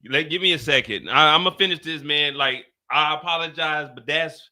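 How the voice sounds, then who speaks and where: A man's voice: on the high side, normal speed, pushed and bright. A young adult man streaming live, reacting to news updates with incredulous laughter and casual slang, then reading the updates aloud. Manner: reads updates aloud plainly.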